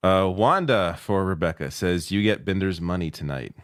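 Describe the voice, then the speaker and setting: A man with a low, deep voice reads viewer donations on a livestream, recorded dry and close with no room sound. He sounds laid-back, chuckles often, and lets his sentences trail off. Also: expressive, normal speed, dry recording. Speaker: co-host reading donations. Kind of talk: casual livestream chat.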